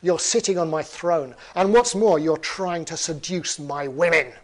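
Man voicing a giant storybook troll, furious, boastful, shouting, higher pitch. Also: lively intonation, moderate pace, slightly rough. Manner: shouting, indignant outbursts.

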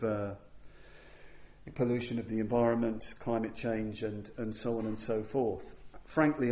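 A man's voice: medium pitch, dark tone, echoey room. A man giving an earnest, emphatic Buddhist Dharma talk, with frequent restarts. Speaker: Buddhist teacher.

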